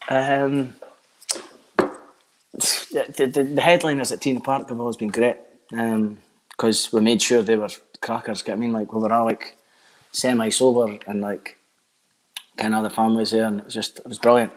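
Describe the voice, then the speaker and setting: A man's voice: medium pitch, level tone, moderate pace, pauses often, rough recording. A Scottish man in his thirties, a band frontman chatting casually as a guest, rambling and swearing with lots of filler words. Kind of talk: casual chat.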